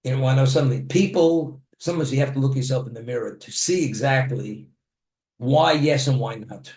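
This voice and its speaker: A man's voice: medium pitch, fairly quick, a little mellow, reverberant. A man delivering a plain-spoken sermon, telling a story from his own life with the occasional restart.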